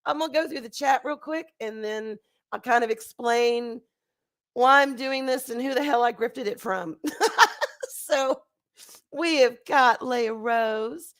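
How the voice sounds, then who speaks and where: A woman hosting a casual livestream, hoarse and congested from a recent flu, chatty and laughing as she greets her chat. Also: fairly high pitch, measured pace. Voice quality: nasal, congested. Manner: chatty, laughing, swings between loud bursts and quiet asides. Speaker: livestream host. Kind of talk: casual chat reading live chat.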